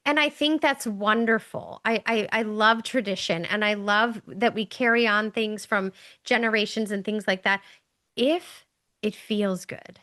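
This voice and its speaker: A woman's voice: mid-range voice, unhurried, pushed and bright. A middle-aged woman co-hosting a casual podcast, telling stories with lots of fillers and acting out the people she quotes. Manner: chatty storyteller, acts out quoted voices. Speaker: podcast co-host, mother.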